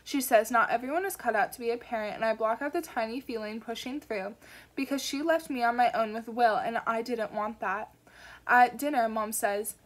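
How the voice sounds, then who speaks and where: A woman reading a first-person audiobook aloud in a soft, measured storytelling manner. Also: fairly high pitch. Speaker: audiobook reader.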